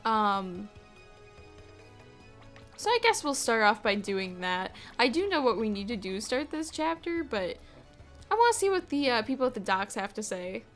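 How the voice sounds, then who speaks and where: A woman's voice: a little high, sing-song, moderate pace, faint music behind. A young woman hosting a let's play, chatting casually with many fillers. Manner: chatty, casual, hesitant with fillers and little laughs. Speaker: gaming channel host.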